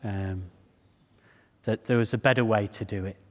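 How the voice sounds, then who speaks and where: A man's voice: on the low side, normal speed. Man telling stories in an echoey hall. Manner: animated, self-deprecating storyteller. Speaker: speaker at a public talk. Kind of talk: humorous storytelling talk. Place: large hall before a live audience. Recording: echoey hall with long reverb.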